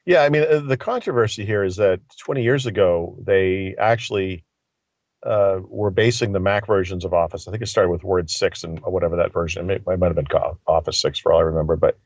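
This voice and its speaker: A tech commentator with a low-pitched, darkish voice calls in by phone to chat casually about tech, rambling and thinking aloud with lots of fillers. The phone line gives dull lo-fi audio with no room sound.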